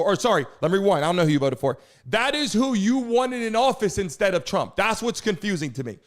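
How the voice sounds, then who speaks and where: A man from New Jersey hosting a live political talk show, ranting in an indignant, profane way. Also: high-pitched. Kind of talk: heated live-stream commentary.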